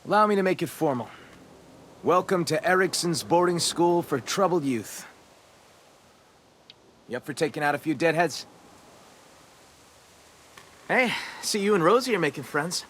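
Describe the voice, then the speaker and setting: A man's voice: fairly high pitch, animated, unhurried, long pauses, a bit bright, a little hiss or hum. A man voicing a confident, guarded teenage boy who leads a school group in a video game. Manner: easygoing, welcoming.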